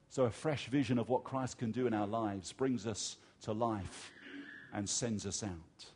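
An English man preaching a sermon, telling a personal story with lively acted-out voices. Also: medium pitch, husky. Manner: animated storyteller, acts out crowd voices.

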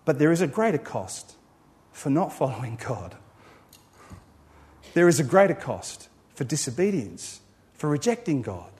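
A man with a notably high voice delivers a sermon. He builds emphatic runs of phrases, then drops to a quiet, low close. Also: sing-song, unhurried, long pauses. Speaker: pastor.

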